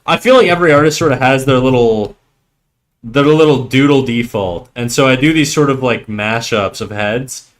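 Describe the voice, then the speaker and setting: A man's voice: medium pitch, moderate pace. A young man from French Canada with a Québécois accent, chatting loosely on a livestream, swearing freely and laughing as he switches between English and French. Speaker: streamer. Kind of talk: casual livestream chat.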